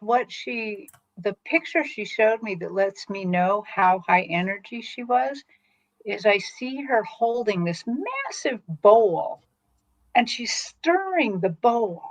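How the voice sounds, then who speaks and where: Laughing woman medium, slightly muffled. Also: mid-range voice. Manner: animated, laughs often, acts out voices. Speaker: psychic medium co-reader. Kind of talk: live spirit reading.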